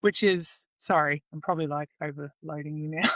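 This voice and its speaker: With a low-sitting, somewhat bright voice at normal speed and no echo, a woman speaks as a guest in a candid interview. Her telling is raw and emotional, full of free swearing and acted-out voices of the people she quotes.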